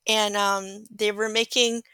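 A woman hosting a casual chat, recapping a film in a rambling, deadpan way. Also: mid-range voice, takes it slowly, noisy background. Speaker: podcast host summarizing a film.

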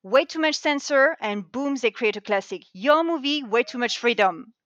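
A playful woman from France teases her friends in casual chat. Her voice sits a little high. The sound is dry and close. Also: animated, moderate pace, a bit bright, no room sound, dull audio.

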